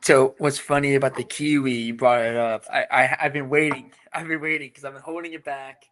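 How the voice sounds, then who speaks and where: A man's voice: mid-range voice, steady tone, a little fast, fairly bright tone. A man from England, a brewery co-founder, chatting as a podcast guest, rambling with lots of "you know" and "like". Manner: rambling, many fillers and restarts. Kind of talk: casual interview chat.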